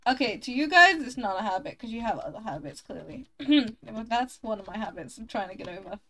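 A woman's voice: a little high, animated, fairly quick, a bit bright. Chatty, blunt woman streamer. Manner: chatty, blunt, swears freely, teasing. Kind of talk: casual chat while gaming.

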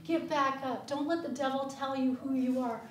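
A woman giving an animated testimony and teaching in a Sunday school class, speaking emphatically in a church room. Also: high-pitched, moderate pace, slight background noise. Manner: animated, emphatic storytelling with laughs. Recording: echoey room, far from the mic.

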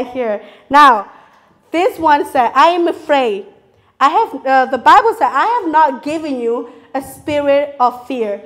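A woman's voice: fairly high pitch, a bit bright. A woman preaching a sermon in English, her third language, earnest and open, often checking in with the audience. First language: not English (English is her third language). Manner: earnest, confessional, asks the audience "okay?" often.

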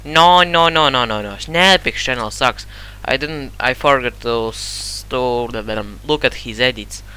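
A man with non-native English giving excitable, cursing gameplay commentary, often shouting at the game and searching for words. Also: medium pitch, unhurried, clear, resonant tone. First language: not English. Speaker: gamer.

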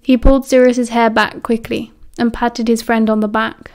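A woman reading a story aloud as an audiobook narrator in a quiet, even way. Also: on the high side, moderate pace. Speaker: audiobook reader.

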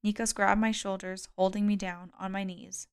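A woman reading a first-person thriller audiobook in a measured, steady narration. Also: mid-range voice, clear, resonant tone. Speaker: audiobook reader.

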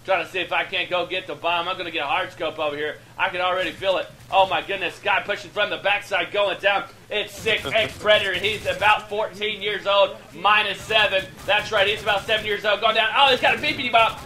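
A man giving excitable, profane, joking play-by-play commentary over an online shooter match. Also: sits high, fairly quick, few pauses, slight background noise. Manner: excitable, hyped, laughing, swearing freely. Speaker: gameplay shoutcaster.

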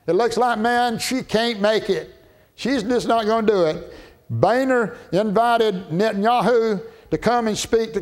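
A man preaching a Baptist sermon as pastor, emphatic and drawn out, rising at times to shouts. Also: high voice.

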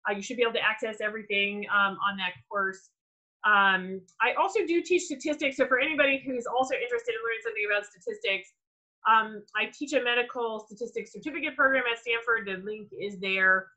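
Female lecturer, bright and lively, teaching by video call with plenty of ums. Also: fairly high pitch, fairly quick, low-quality recording. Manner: energetic teacher, explains with examples, many ums. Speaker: workshop speaker. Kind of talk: online lecture with Q&A.

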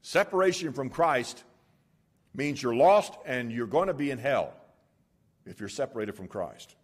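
A male pastor preaching an expository sermon in a church. He explains Greek words and swings between loud emphatic lines and hushed ones. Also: medium pitch, expressive, unhurried, breathy edge.

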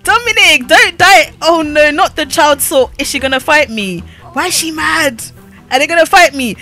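A young woman gamer commenting on her play with a sassy, laughing energy. Her pitch is higher than most and swings widely. The tone is bright and sharp. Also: animated, moderate pace, faint music behind. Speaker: gaming YouTuber.

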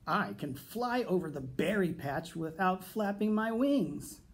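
A man voicing a bragging male hawk, cocky and deliberate. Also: on the high side, gravelly, dark tone, slightly rough, exaggerated voice.

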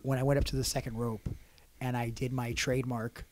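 Animated male wrestler telling a story. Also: mid-range voice, a little fast. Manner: animated storyteller, acts out quotes. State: hoarse voice. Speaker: podcast guest, pro wrestler. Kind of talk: casual storytelling chat.

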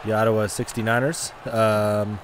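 A man giving casual, excitable commentary over his own gameplay, cheering and trash-talking the players. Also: fairly low pitch, moderate pace, background noise. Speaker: gaming commentator.

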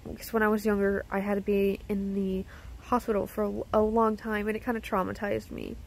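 A woman vlogger talking to camera in a personal video diary, close to tears, halting with many pauses and restarts. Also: medium pitch, level tone, creaky, rough recording.

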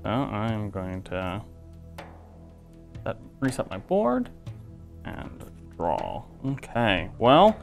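A man's voice: lowish voice, huge pitch swings, extremely slow, creaky, pauses often, soft background music. A male host chatting casually while he plays a card game, good-humored and self-deprecating about his moves.

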